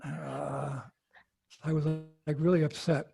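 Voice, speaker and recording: A man, a monk being interviewed, telling a personal story with animated acted-out quotes. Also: on the high side, slow, creaky, slightly rough.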